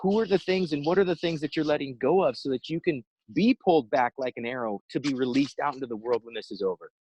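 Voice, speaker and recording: A man giving an inspirational talk over a video call, telling a story in an animated way and acting out the quotes. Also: mid-range voice, fast talker, slightly rough, low-quality recording. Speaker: inspirational speaker.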